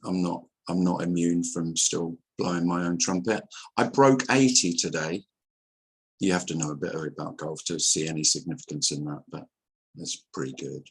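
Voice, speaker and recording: Gravelly man in his sixties, wry. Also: sits low, normal speed, low-quality recording. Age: 60s. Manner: wry, self-mocking, chatty. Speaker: meeting host. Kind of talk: casual group talk.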